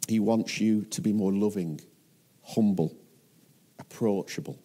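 A man's voice: lowish voice, measured pace, dark tone. A man with a Northern English accent preaching a sermon as a pastor, earnest and often putting questions to his listeners.

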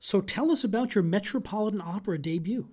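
A man's voice: high voice, fast talker, darkish tone, slightly rough. A man hosting a music interview podcast, adding brief agreeing remarks and questions. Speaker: podcast host. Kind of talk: interview chat.

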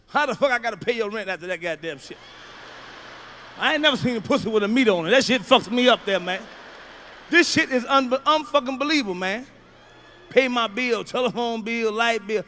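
A middle-aged man doing a stand-up comedy routine, telling profane stories that swing from low mutters to loud shouts. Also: a little hiss or hum. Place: large comedy venue stage. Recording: live show, faint crowd ambience.

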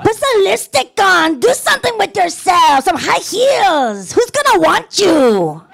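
A woman voicing a tiny, bossy Mexican grandmother in her nineties, nagging and shrill with a thick Mexican Spanish accent. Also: very animated, unhurried, creaky, some chatter behind, heavily acted. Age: 90s.

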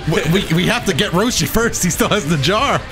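High, playful young man gamer. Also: animated, fairly quick. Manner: playful, dramatic pleading. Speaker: gaming YouTuber playing co-op. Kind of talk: excited gameplay banter. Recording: gameplay music loud behind.

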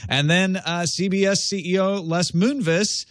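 A man's voice: high-pitched, measured pace, no echo. A man hosting a casual tech news podcast, reading out items and then talking them over loosely. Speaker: podcast host.

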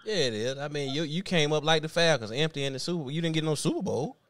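A man's voice: on the high side, lively intonation, fast, fairly bright tone, no echo, far from the mic. A man co-hosting a sports call-in show, mocking the caller's team. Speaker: co-host. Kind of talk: casual sports call-in banter.

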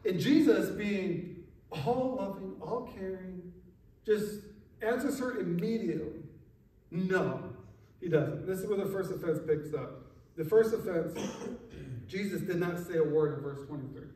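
A man preaching with a high, lively voice, telling stories and laughing often. His voice rings through a very echoey hall and is picked up from some distance. The delivery is animated and conversational. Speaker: pastor. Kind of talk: sermon. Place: church sanctuary. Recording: echoey hall, mic from far off.

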